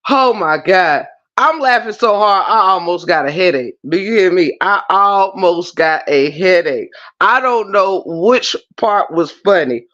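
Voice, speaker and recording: A woman hosting a channel, chatting casually and telling a story in a lively, vernacular way. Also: medium pitch, measured pace, muffled recording. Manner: animated storytelling with Black American vernacular. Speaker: channel host. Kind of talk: casual reaction commentary.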